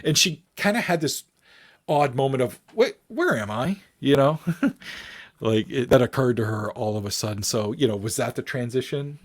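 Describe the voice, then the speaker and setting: A man's voice: medium pitch, moderate pace. A man, a paranormal researcher guest, telling a story in casual chat and acting out the people in it. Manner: animated storyteller acting out quoted voices.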